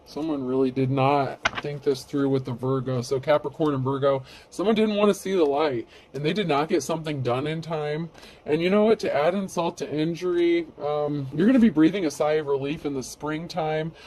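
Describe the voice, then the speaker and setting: A man's voice: on the high side, normal speed, a little mellow. A man giving a casual, rambling tarot reading, blunt and freely swearing. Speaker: tarot reader.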